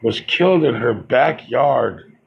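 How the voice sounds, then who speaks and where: Gravelly man ranting in slow bursts. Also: medium pitch, expressive. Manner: heated, profane, halting with restarts. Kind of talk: monologue commentary. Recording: dull lo-fi recording.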